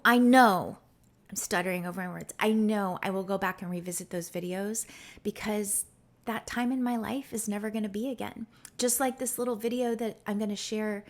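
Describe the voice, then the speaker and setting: Woman, 50s, vlogger, heartfelt reflective chat to camera, rambling restarts. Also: medium pitch. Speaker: YouTube vlogger. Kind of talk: casual heartfelt talk to camera.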